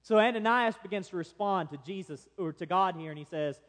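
A man preaching a sermon, shifting between loud emphatic lines and quiet, hushed ones. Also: sits high, a little fast, hardly any pauses, in a large hall. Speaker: pastor.

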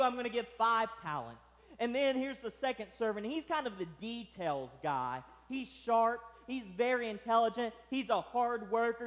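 A male pastor preaching a sermon, telling the story in a lively way and acting out its characters. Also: very high-pitched, big-room sound.

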